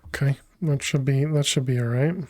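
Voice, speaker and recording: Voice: medium pitch, steady tone, brisk, darkish tone, dry recording. A game streamer talking through a build during a live stream, muttering and restarting sentences as they think aloud, from a home room on a desk microphone. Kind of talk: casual live-stream gameplay commentary.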